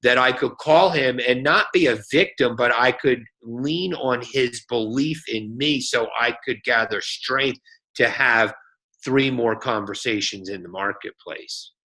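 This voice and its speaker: A man's voice: medium pitch, unhurried, pushed and bright. Fired-up man giving a sales pep talk. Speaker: guest speaker on a team call. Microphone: phone call.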